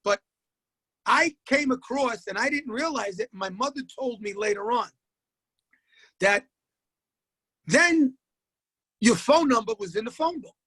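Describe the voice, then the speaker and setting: New guy in his 60s, basketball coach telling stories, repeats himself, voices everybody, bright tone. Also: very high voice, measured pace, pauses often, husky, dry recording. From Queens, New York. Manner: animated storyteller who acts out voices and repeats himself. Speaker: high school basketball coach, guest. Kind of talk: casual storytelling interview.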